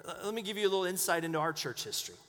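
A man's voice: high voice, expressive, very fast, sharp tone, in a large hall. A man preaching a conversational sermon as pastor, asking the congregation questions. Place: church.

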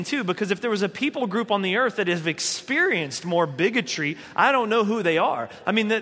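A man's voice: high-pitched, pushed and bright, long reverb tail. A man preaching a sermon in a conversational way, retelling scripture in everyday speech. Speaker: pastor.

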